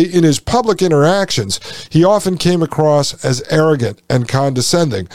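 A man's voice: fairly high pitch, a little mellow, no echo. Dry, sarcastic male podcast host. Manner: sarcastic, folksy asides to listeners. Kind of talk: podcast commentary, reading from an article.

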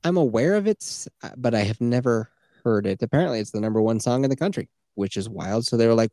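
A man's voice: fairly low pitch, lively intonation, brisk, a little mellow, no room sound. Profane, chatty podcast man with a dry sound. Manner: profane, loose, recounts debate in quoted voices. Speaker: podcast co-host. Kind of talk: casual political chat.

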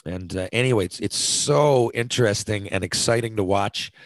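Rambling low-voiced podcast man. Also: normal speed, dry recording, low-quality recording. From North America. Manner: chatty, self-deprecating, many fillers and restarts. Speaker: podcast host. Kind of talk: casual rambling monologue.

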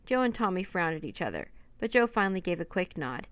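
A woman's voice: lowish voice, sing-song, fast, few pauses, no echo. A woman narrating a children's storybook aloud, voicing each character herself. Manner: reads every character in lightly raised voices.

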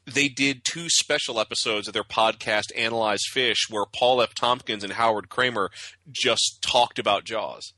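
A man co-hosting a casual movie podcast, making quick, jokey asides. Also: medium pitch, sharp tone, dry recording. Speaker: podcast co-host.

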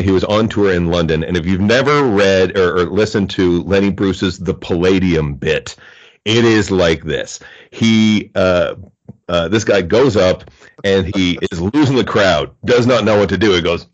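Low-voiced man telling a comedy story. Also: moderate pace, lo-fi sound. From Canada. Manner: storytelling, acts out quoted voices. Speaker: podcast co-host. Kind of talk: casual comedy chat.

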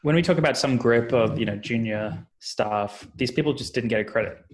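Casting: knowledgeable man, slightly husky voice, explains trivia in casual chat. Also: mid-range voice, brisk.

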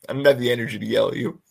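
A man's voice: mid-range voice, vocal fry, a little mellow, slightly rough. A man co-hosting a podcast, chatting casually and joking with friends, laughing often. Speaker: podcast co-host. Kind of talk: casual fantasy football chat.

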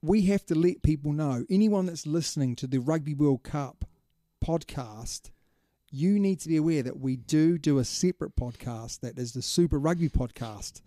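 Mellow-voiced man co-hosting a casual podcast. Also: a little high, normal speed, few pauses, dry recording, clean studio sound. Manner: chatty and opinionated, drops "mate" often. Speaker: podcast co-host. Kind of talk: casual chat.

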